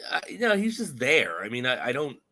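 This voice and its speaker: A man co-hosting a casual movie review podcast, talking in an animated way, swearing and acting out quotes in funny voices. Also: medium pitch, brisk. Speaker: podcast co-host.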